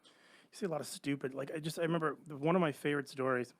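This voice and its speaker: A middle-aged man on a podcast, casually telling an animated story and acting out the other people's lines. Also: a little high, rapid-fire. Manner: animated anecdotes, acts out quoted voices. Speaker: podcast guest.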